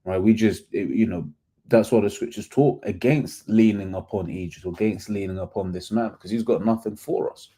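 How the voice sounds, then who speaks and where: A man's voice: on the low side, normal speed, dark tone, breathy edge. A man co-hosting a casual chat, mostly giving short agreeing interjections.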